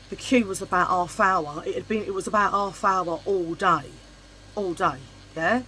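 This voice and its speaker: A middle-aged woman from England, talking straight to her viewers in a casual vlog. She tells her story in a chatty, blunt and animated way, with the odd swear word, and her voice sits at an ordinary middle pitch. There is a faint noise behind her. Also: low-quality recording. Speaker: vlogger. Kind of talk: casual storytelling chit chat.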